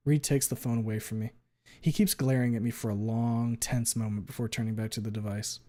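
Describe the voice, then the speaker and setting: A man streaming a dramatic first-person story reading in a quiet, subdued voice. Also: mid-range voice, little pitch movement, a little fast.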